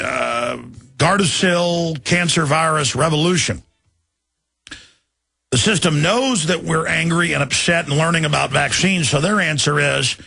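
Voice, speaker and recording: A man's voice: mid-range voice, creaky, sharp tone, breathy edge. A man hosting a talk radio show, delivering an urgent, indignant monologue and pleading with his listeners.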